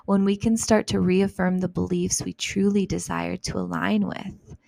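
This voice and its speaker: A woman hosting a solo self-help podcast, talking in a gentle, reflective, casual way with plenty of "like" and "you know". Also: lowish voice, creaky, dry recording. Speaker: podcast host.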